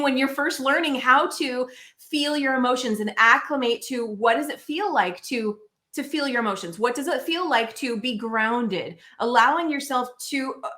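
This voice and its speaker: A woman's voice: on the high side, normal speed, pushed and bright. A woman podcast host who talks reflectively and affirmingly, thinking aloud as she speaks. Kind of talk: interview conversation.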